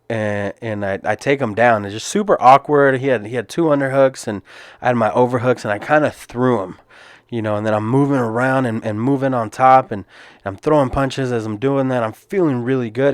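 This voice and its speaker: A young man tells his story on a podcast in a casual, earnest way, stumbling and restarting as he goes. His voice sits at a medium pitch. The sound is dry and close, with no room echo. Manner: earnest, casual, many restarts and repeated words. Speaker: podcast host and MMA fighter. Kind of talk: personal storytelling.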